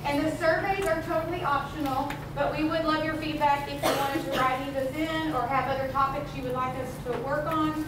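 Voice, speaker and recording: A high-voiced woman runs through friendly announcements at a parent meeting. She sounds far off in an echoey room. A clear hiss runs underneath. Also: steady tone, fairly quick, hardly any pauses. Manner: friendly, informal, with fillers. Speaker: school district organizer introducing a speaker. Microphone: far from the recorder.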